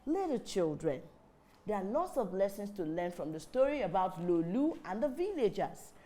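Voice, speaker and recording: A woman hosting a children's show, telling a story in a lively way and calling on the audience to join in. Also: mid-range voice, moderate pace.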